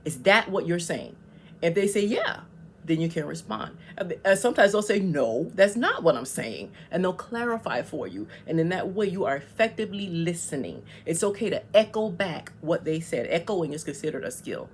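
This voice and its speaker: Woman with a lower voice talking straight to camera, emphatic advice vlog, keeps saying okay, slight hiss behind. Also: lively intonation, normal speed. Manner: emphatic, repetitive, often checks in with "okay?". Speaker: advice vlogger. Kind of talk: casual advice monologue.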